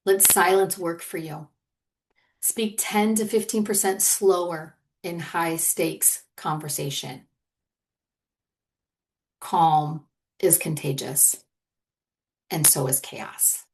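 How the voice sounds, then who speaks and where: A middle-aged woman with a fairly low voice coaches listeners on leadership in a loose, conversational monologue. She is earnest and encouraging and keeps checking in with a quick "right?" as she goes. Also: steady tone, darkish tone. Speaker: leadership coach and podcast host.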